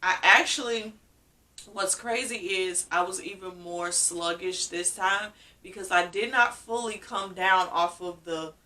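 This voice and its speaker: A young woman vlogger tells her audience a personal story in a casual, animated way, laughing often and leaning heavily on "literally." Her voice is bright and clear, mid-range in pitch, and a little slow. She sits slightly back from the mic, so her voice sounds a bit far away.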